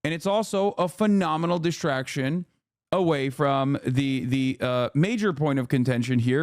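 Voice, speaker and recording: A man's voice: medium pitch, moderate pace, darkish tone, clean tone, no room sound, clean studio sound. A man commentating on a live stream, ranting heatedly with lots of swearing and mocking voices for the people he criticizes.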